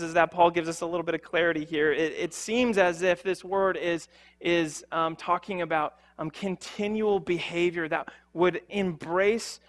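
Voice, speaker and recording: A man's voice: on the high side, fairly bright tone. A young man preaching a sermon as a pastor, earnest and conversational, with frequent fillers and restarts.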